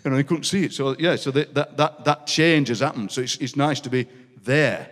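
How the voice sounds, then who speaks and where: A man in his sixties with a Yorkshire accent, a guest poet telling comic stories on stage, animated and often laughing, with dialect phrases. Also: mid-range voice, fairly quick. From Barnsley, Yorkshire. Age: 60s. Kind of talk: comic storytelling on a live podcast. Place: city hall stage with audience. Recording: long hall reverb.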